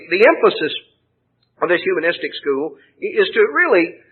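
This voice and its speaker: A man preaches a sermon in a somewhat high, husky voice. He reasons earnestly, stumbling through frequent restarts and filler sounds, and lifts his voice when he quotes scripture. The recording is thin and tinny, like an old phone line. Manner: earnest, reasoning delivery with many hesitations and restarts; rises in pitch and volume when quoting scripture.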